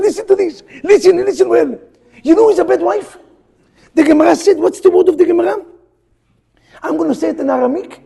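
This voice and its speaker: A middle-aged man, a rabbi, teaching a humorous class in a synagogue in broken English, firing off rhetorical questions and loud bursts. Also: extremely high pitch, creaky. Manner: jokey, full of rhetorical questions, bursts into loud quoted rants; broken non-native English grammar. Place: synagogue hall.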